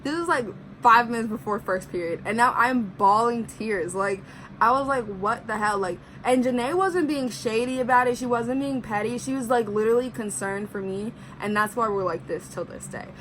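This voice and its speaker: A young woman with a slightly high, bright, forceful voice chats casually as she tells a personal story. She fills her sentences with "like" and slips into the voices of the people in it. A faint hum of room noise sits underneath. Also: normal speed, poor audio. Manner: chatty, heavy use of "like", acts out quotes. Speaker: vlogger.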